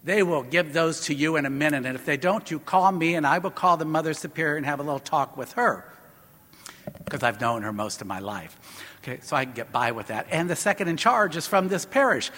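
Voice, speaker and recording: A man's voice: a little high, lively intonation, a little fast, pushed and bright. Man preaching in a reverberant church. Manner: storytelling, conversational preaching. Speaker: priest. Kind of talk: sermon.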